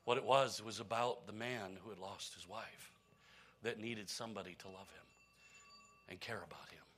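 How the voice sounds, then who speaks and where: A pastor preaches to his congregation through a story, his voice dropping to hushed whispers and then rising loud. He speaks at a moderate pace, pitched on the low side, with a breathy edge.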